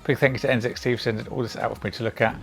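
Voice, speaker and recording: A British man giving a relaxed, chatty overview of audio gear he is testing, with the odd um and like. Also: mid-range voice, very fast, creaky, soft background music. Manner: relaxed, chatty, sprinkled with ums and likes. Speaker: tech reviewer. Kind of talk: casual product overview.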